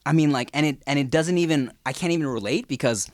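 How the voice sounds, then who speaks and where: A man's voice: fairly high pitch, fast talker, darkish tone, no echo, clean studio sound. A man in his thirties co-hosting a podcast, chatting casually, joking and swearing freely. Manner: joking, swearing, breaks into singing. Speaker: podcast co-host. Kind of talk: casual chat.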